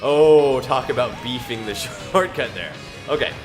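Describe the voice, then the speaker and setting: A man's voice: mid-range voice, very animated, unhurried, music in the background. A man streaming a racing game, chatting jokily and breaking into mock-archaic phrasing and scripture reading. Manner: playful, jokey, slips into mock-archaic phrasing. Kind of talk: casual gameplay stream chat with scripture reading.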